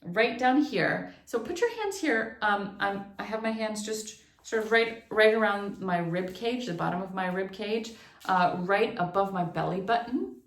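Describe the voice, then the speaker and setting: A woman's voice: mid-range voice, measured pace. Woman teaching singing in an echoey room. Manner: explanatory, breaks into sung demonstrations. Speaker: vocal instructor. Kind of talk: online singing lesson.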